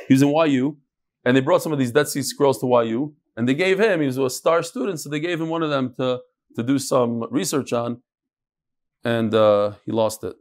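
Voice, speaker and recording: A man teaching a Talmud class, asking and answering his own questions in an animated, rhetorical way. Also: medium pitch.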